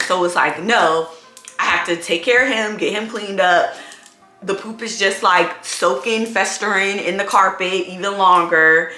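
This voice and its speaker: A woman's voice: medium pitch, moderate pace, bright, forceful tone, echoey room, faint music behind. A woman who is a single mom chatting casually to camera in a vlog, telling stories in a rambling way full of "like".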